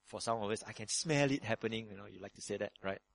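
A man preaching a sermon as pastor, acting out prayers in quick shifts of voice. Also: vocal fry. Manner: lively preaching, acts out prayers in sudden higher voices.

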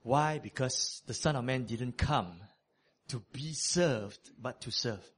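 A man preaching a sermon, conversational and animated, with many fillers. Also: medium pitch, takes it slowly, slightly rough.

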